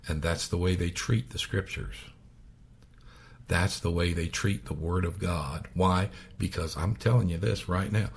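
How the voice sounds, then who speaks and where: A man preaching a sermon, swinging from loud raised passages to hushed whispers. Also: deep voice, expressive, moderate pace, breathy edge.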